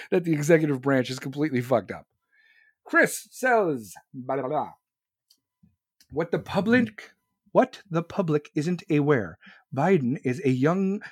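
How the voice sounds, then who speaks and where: A man's voice: on the high side, breathy edge, dry recording, clean studio sound. Profane, sarcastic ranting podcast host, a man. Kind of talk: solo ranting commentary.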